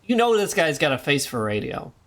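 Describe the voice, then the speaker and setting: A man's voice: on the high side, big pitch swings, fairly quick, a bit bright. A man streaming a game, talking in rambling casual commentary full of jokey asides. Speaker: gaming streamer.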